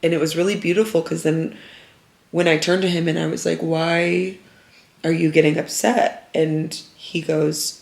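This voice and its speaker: A young woman talks straight to camera in a casual, open vlog, earnest and full of filler words. Her voice has a gravelly fry at the ends of phrases. The room around her rings with echo. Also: low voice, little pitch movement, moderate pace, darkish tone. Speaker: vlogger.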